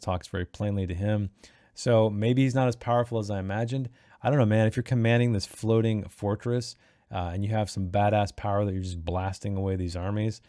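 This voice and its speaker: A man hosting a casual online book club. He talks about the chapters in an animated, opinionated way and often restarts his sentences. His voice is low and mellow, and the sound is close and dry. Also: dry recording. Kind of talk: casual book review and read-aloud.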